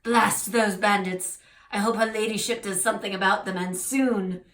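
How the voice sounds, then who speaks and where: Fussy French village clerk, a woman doing him, polite and formal, bright voice, echoey room. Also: mid-range voice, steady tone, normal speed, distant mic, lightly acted. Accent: French, put on. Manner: polite, formal, slightly theatrical.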